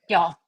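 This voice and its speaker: A woman's voice: mid-range voice, vocal fry. A woman from Tennessee on a whisky tasting panel, playful and giggly in casual banter.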